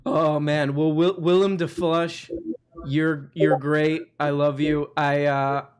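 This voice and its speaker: A man hosting a live call-in show, with a voice pitched a little higher than usual. He rambles and jokes, stacking up "like" and false starts. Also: level tone, slow pace, smooth. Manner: rambling, joking, full of "like" and restarts. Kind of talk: casual live-stream chat.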